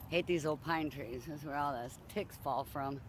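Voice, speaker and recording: High-voiced man chatting to his dog. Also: slight background noise. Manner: playful, coaxing, talks to his dog in baby talk. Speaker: vlogger walking his dog. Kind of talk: casual chat to a dog. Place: outdoors by a lake on a walk.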